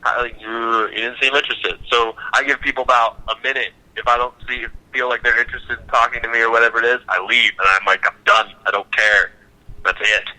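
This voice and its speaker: A young man from Nebraska chatting casually on a podcast, telling animated stories and cussing freely. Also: mid-range voice, fast talker, few pauses, poor audio. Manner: animated storytelling, acts out quotes, swears freely. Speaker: podcast co-host. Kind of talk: casual chat.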